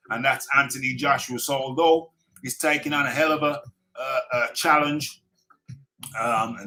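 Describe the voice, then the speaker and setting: A male host runs a live boxing talk show with a bright, forceful voice. He is insistent, repeats his phrases and talks over his guests, then turns to plug the show's buttons like a seasoned presenter. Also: medium pitch. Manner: pushes viewer buttons like a presenter.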